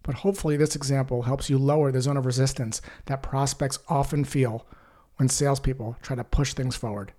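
A man teaching sales calls in a calm, measured way, acting out short sample lines. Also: mid-range voice. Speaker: sales trainer. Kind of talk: instructional voice-over.

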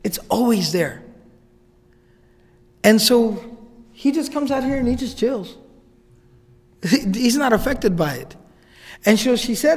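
A man with a high voice tells a story as a casual, chatty lecturer. His speech rings with the long reverb of a hall. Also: sing-song, unhurried, long pauses. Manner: casual, conversational retelling with asides. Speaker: religious lecturer.

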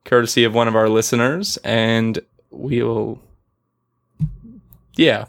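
Dude cohosting a board game podcast, dry wry banter, middle pitch. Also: male voice, fairly even intonation, slow pace, vocal fry. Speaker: podcast co-host. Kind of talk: casual chat.

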